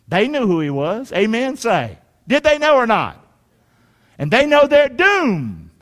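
Lively high-voiced preacher. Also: male voice, measured pace, big-room sound. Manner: animated preaching, swinging between loud shouts and low quiet asides. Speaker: pastor. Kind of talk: sermon.

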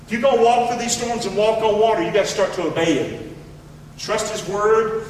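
A man's voice: high-pitched, brisk, a little hiss or hum. A man preaching a sermon with fervent, repetitive delivery and many questions to his listeners. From rural area. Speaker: pastor. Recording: echoey hall, voice from far off.

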